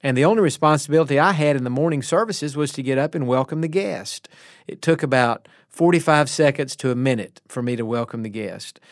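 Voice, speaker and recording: A man's voice: mid-range voice, brisk, no room sound, studio quality. A middle-aged male pastor giving an earnest, encouraging devotional message with personal stories.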